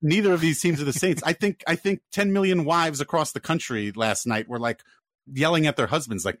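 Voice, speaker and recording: A man co-hosting a podcast, an excited father chatting about football with lots of stumbling restarts. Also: a little high, a little fast, no echo. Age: adult father. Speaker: podcast co-host. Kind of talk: excited casual sports chat.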